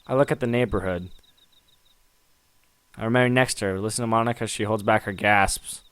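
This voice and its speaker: A man's voice: lowish voice, steady tone, fairly quick, fairly bright tone, clear, resonant tone, no echo. A man reading a visual novel aloud, narrating his actions and reacting dramatically. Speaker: gaming content creator.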